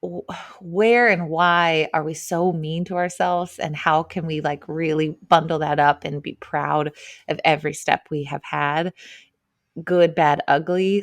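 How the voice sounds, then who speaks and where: A woman's voice: low voice, dry recording, studio quality. A woman talking as a podcast guest in an earnest, emotionally open way, dropping frequent "like" and "right?" as she reflects. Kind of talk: casual podcast chat.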